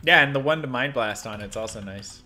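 A man's voice: mid-range voice, brisk, pushed and bright, soft background music. A man casually commenting on his gameplay during a live stream, chatty and rambling with frequent laughs. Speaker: game streamer.

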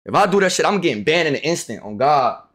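A man's voice: fairly high pitch, sing-song, fast. Ranting, profane young streamer man. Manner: profane, ranting, swings from loud to muttering. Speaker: livestreamer. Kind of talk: casual gameplay commentary.

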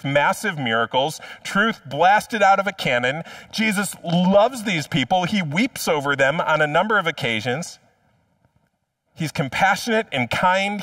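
A male pastor delivers a sermon in a relaxed, humorous storytelling way, with a slightly higher voice. He sounds set back from the mic, and the recording is dry with no room ring. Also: no room sound, distant mic.

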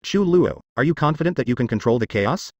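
A man's voice: medium pitch, animated, fast talker, darkish tone, dry recording, dull audio, close to an everyday voice. A man voicing an angry, resentful immortal woman in a fantasy audiobook, speaking coldly and accusingly. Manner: cold and accusing.

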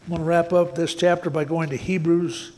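A man's voice: on the high side, little pitch movement, fairly quick, darkish tone, long reverb tail, a little hiss or hum. A man preaching a sermon as pastor, folksy and plain-spoken, often repeating words and tossing in "man". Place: church sanctuary.

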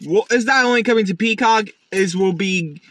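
A tired man with a notably high, bright voice hosts a casual unboxing vlog. He rambles in a chatty way, with plenty of fillers and restarts. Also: normal speed. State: tired, up since early morning. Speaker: YouTube unboxing host.

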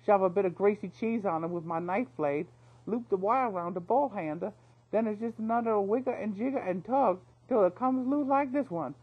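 A man's voice: high-pitched, breathy edge, muffled recording, pitched above the performer's own voice. A man doing a cocky, chattering mouse thief. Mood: boastful. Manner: boastful, cheeky, rapid patter.

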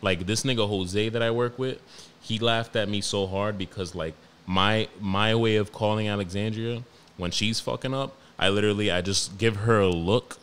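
A young man with a New York accent, hosting a podcast and telling stories about his toddler in a profane, animated, slangy way. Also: fairly low pitch, moderate pace, clean tone. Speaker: podcast host. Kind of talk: casual storytelling monologue.

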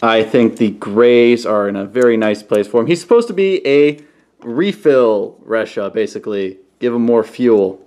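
A man casually reviewing toys on camera, playful, often breaking into goofy high-pitched exclamations. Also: animated, moderate pace, darkish tone. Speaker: toy reviewer. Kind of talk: casual hands-on product review. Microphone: camera he sets up himself.

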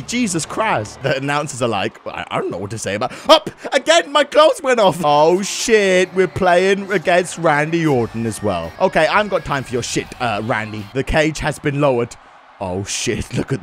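A young man giving loud, excitable gameplay commentary, swearing often and bursting into laughs. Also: fairly high pitch. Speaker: gaming YouTuber.

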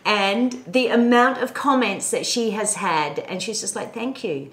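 A woman's voice: medium pitch, expressive, measured pace, a bit bright. A middle-aged woman gives a chatty, instructive makeup tutorial and talks through each step as she applies it. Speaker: beauty vlogger. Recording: echoey room.

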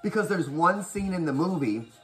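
A man rattles off a horror movie plot in a profane, animated rush. His fairly high voice swings up and down a lot, and it echoes around the room over faint music. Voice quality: profane, animated, rapid storytelling. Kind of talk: casual movie recap.

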